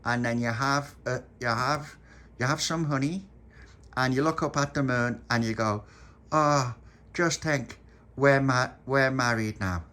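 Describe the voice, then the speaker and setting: A man voicing a sentimental woman bridesmaid in a high, gushing sing-song voice for a homemade storybook. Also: measured pace, pushed and bright. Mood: explaining. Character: fussy excitable grown woman bridesmaid, sentimental.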